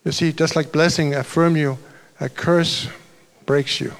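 Rambling male pastor, slightly high voice. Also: fairly even intonation, measured pace, gravelly. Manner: loose storytelling, restarts and asides. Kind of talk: sermon.

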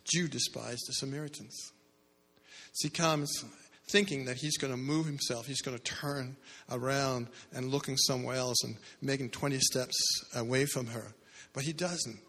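A man's voice: mid-range voice, steady tone, moderate pace, fairly bright tone. A male preacher giving a sermon, asking the congregation questions and building in bursts, heard in a church hall. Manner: asks the crowd "how many" questions, builds in bursts. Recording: echoey hall.

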